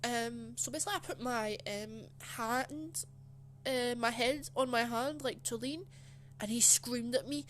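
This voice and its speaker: Higher-voiced woman telling a story. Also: a little slow. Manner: rambling, many fillers, soft and emotional. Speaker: channel host. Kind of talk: casual personal storytelling.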